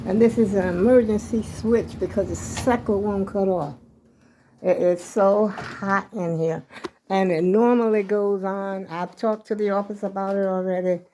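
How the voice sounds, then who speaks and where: Speaking a little slowly in a steady, mellow voice of medium pitch, an older woman rambles casually to her viewers in a vlog from her kitchen at home. She seems slightly out of breath, and there's slight background noise.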